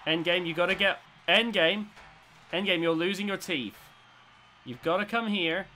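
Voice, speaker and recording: Excitable high-voiced gaming commentator. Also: male voice, moderate pace, soft background music. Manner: swings from muttering to shouting with excitement. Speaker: gaming YouTuber.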